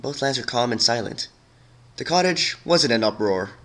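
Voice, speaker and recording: A man reading a storybook aloud as a hobby narrator, expressive and slowing down low for the eerie passages. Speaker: hobby dramatic reader.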